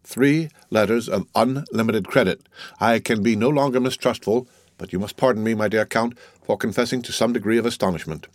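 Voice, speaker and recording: A man's voice: fairly low pitch, fairly quick, no room sound, clean studio sound, close to an everyday voice. A man reading the part of a haughty, purse-proud banker who speaks arrogantly. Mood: fawning. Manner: arrogant, then flustered and fawning. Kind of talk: audiobook character reading.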